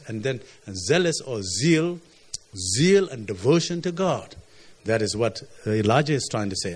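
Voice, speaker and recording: A man preaching a sermon, often repeating words and swinging between loud stresses and quiet trailing phrases. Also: medium pitch, big pitch swings, slightly rough. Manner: halting, repeats words, rises and falls in volume.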